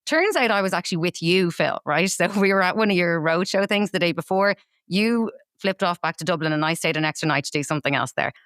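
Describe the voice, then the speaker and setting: A woman's voice: on the low side, a little fast, a bit bright, no room sound, studio quality. A woman co-hosting a podcast, telling a fond travel story in a casual chat, with some laughter. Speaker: podcast co-host.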